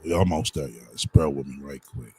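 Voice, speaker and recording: A man's voice: very deep voice, fairly quick, darkish tone, a little hiss or hum, poor audio. A man, live-streaming and talking to his viewers while he fights with his setup, muttering, swearing and asking them to bear with him.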